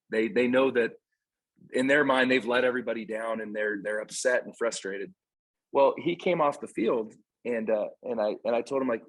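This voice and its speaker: A man's voice: medium pitch, poor audio. A man co-hosting a casual podcast, an earnest youth baseball coach telling stories with emphatic repeats.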